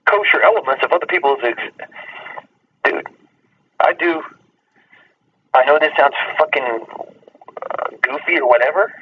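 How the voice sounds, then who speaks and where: A man talking in a casual chat, boastful and profane, rambling with many fillers. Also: medium pitch. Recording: distant, dull lo-fi mic with faint noise.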